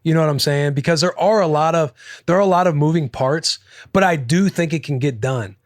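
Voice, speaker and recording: A young man hosting a podcast, chatting casually, rambling and swearing freely with excitable energy. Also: fairly high pitch, fairly quick, dry recording, studio quality. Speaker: podcast host. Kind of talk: casual chat.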